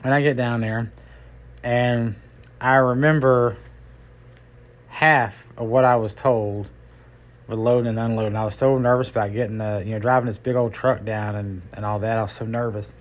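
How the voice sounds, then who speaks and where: A middle-aged man tells stories from his working life in a loose, folksy, rambling way. His voice sits at an ordinary pitch. He keeps the tone casual, like a podcast host chatting. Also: fairly even intonation, normal speed. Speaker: podcast host and tow truck driver. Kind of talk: casual storytelling.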